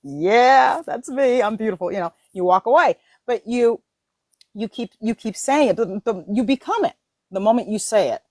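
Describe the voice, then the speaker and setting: A woman hosting a casual chat about mindset, telling animated stories full of laughs and voiced quotes. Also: medium pitch, moderate pace, no room sound, studio quality. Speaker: host.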